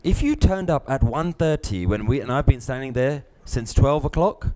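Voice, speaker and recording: A middle-aged man, teaching a live class, lively, acting out little scenes and laughing often. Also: medium pitch, moderate pace. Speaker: spiritual teacher.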